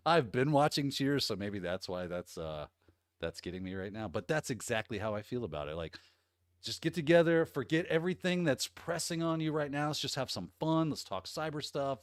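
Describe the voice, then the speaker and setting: An upbeat man from the American Midwest hosts a casual livestream chat, rambling cheerfully and greeting viewers by name. His pitch swings freely up and down. The sound is dry and close to the mic. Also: animated, moderate pace, dry recording. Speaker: host.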